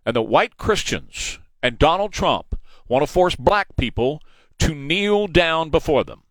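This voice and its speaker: A forty-something man with a Texan accent runs his radio talk show from the studio, hammering each point home and circling back to repeat it. His voice sits a bit high for a man, and the sound is close and dry, with no room around it. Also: very animated, a little slow, no room sound. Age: 40s. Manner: emphatic, opinionated, repeats points for emphasis. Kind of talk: political talk radio monologue. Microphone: studio microphone.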